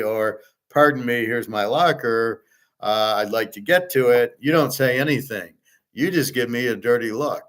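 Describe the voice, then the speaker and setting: A man's voice: medium pitch, a bit bright. A man hosting his show, telling a rambling story in a blunt, profane, casual way, with frequent restarts. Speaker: show host.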